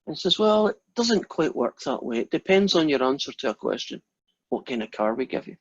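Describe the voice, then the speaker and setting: Husky-voiced male math lecturer. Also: fairly high pitch, very animated, brisk, no echo. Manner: storytelling, chatty and informal. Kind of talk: online lecture with a joke. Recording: dull lo-fi audio, dry.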